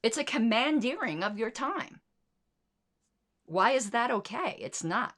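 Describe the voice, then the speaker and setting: A woman's voice: fairly high pitch, animated, a little slow, a bit bright. A middle-aged woman hosting a political commentary livestream, blunt, sarcastic and indignant, with plenty of swearing. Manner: sarcastic rhetorical questions.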